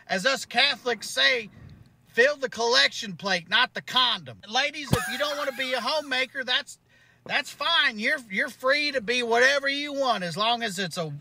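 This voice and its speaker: A man's voice: very high-pitched, bright, forceful tone, dry recording, heavily acted. A male comedian playing a smug, ranting male Catholic conservative in a sarcastic parody monologue. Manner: sarcastic, mocking rant with chuckles.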